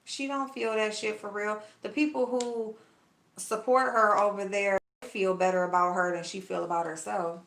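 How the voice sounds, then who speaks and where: A woman's voice: mid-range voice, fairly even intonation, normal speed, creaky, a bit bright, roomy sound. A woman vlogger chatting bluntly with her viewers while cooking at home, gossipy and loose, calling them y'all. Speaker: vlogger talking to her live chat. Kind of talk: casual chat while cooking.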